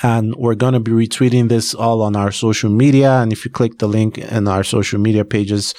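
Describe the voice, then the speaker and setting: A man's voice: fairly low pitch, fairly even intonation, brisk, mellow, dry recording. Man, podcast host, rambling casual talk, lots of fillers, dead dry recording. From Nigeria. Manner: chatty, rambling, with frequent fillers. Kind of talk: casual solo podcast announcement.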